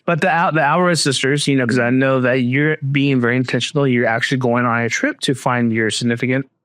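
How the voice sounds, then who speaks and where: A man's voice: mid-range voice, steady tone, a bit bright. A man hosting a casual panel podcast, teasing his guests and often laughing. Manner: playful, teasing, quick to laugh. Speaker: podcast host.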